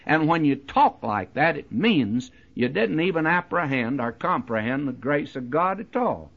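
Male preacher, husky and animated, conversational Bible teaching, emphatic; muffled lo-fi tape. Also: mid-range voice, measured pace, few pauses. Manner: conversational, addresses listeners directly with "you see" and "my friend"; emphatic, leans into key words. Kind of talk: verse-by-verse Bible teaching sermon. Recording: dull lo-fi recording.

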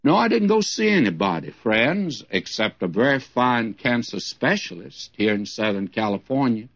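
A man's voice: mid-range voice, very animated, moderate pace, fairly bright tone. An older man teaching a Bible sermon in a folksy, emphatic way, often calling his listeners friends. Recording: dull lo-fi old recording.

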